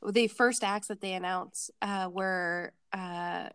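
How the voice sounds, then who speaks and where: A young woman chatting casually as co-host, laughing often and reacting quickly. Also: medium pitch, steady tone, a bit bright, clear, resonant tone, no room sound, studio quality. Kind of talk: casual chat.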